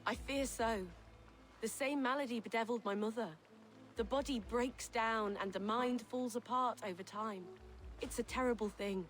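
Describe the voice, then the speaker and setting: A woman playing a gentle village herbalist. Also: a little high, steady tone, normal speed, close to an everyday voice, rough recording.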